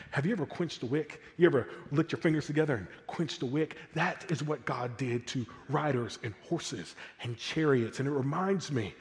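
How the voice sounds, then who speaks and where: A man preaching a sermon in an animated, conversational way, full of colloquial asides. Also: on the high side, moderate pace, hardly any pauses, in a large hall. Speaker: pastor.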